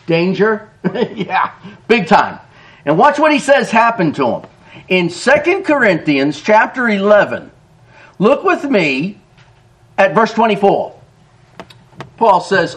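A middle-aged man preaching a sermon in a church, animated, rising to shouts and breaking into laughter. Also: sits high, poor audio.

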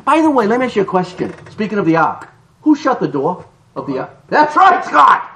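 A man delivers a fiery sermon in a high voice. He swings wildly in pitch, shouting some lines and dropping others to a low murmur. He reads scripture slowly and with weight. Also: very animated. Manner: shouts for emphasis, swings between loud cries and low asides. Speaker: preacher.

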